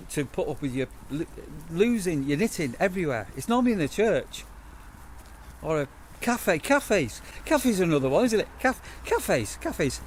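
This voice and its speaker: A man's voice: on the high side, slight background noise. A man vlogging at home at night, telling a rambling story and teasing his companion in casual chat.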